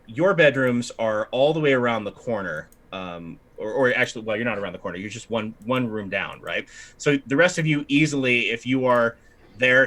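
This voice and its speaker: A man narrating as game master of a tabletop game, relaxed and rambling, correcting himself as he goes. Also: mid-range voice.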